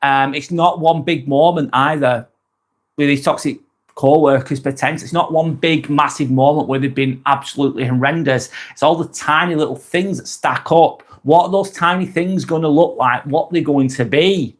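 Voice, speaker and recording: This male self-help host has a fairly high voice and talks at an ordinary speed. Addressing the camera with laid-back tips, he wanders, circles back, restarts his lines, and keeps dropping a friendly "mate."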